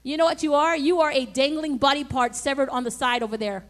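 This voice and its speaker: A woman's voice: high voice, fairly even intonation, fairly quick. A woman pastor preaching a sermon in an emphatic, conversational way, asking the congregation for responses.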